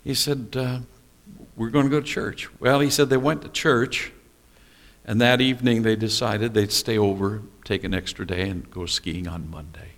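A man's voice: fairly low pitch, fairly even intonation, normal speed, a bit bright. A male pastor preaching a sermon, telling stories and asking rhetorical questions with small humorous asides.

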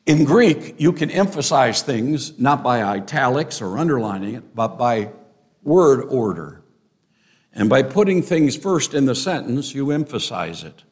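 An older man, a pastor, preaching an expository sermon in a deliberate, emphatic way with rising stresses. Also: mid-range voice, animated.

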